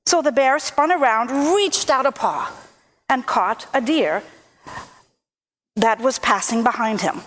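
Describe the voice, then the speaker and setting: Woman telling a folk tale at church, slow and expressive, a bit high. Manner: lively, expressive, slow storytelling. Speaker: storyteller at church service.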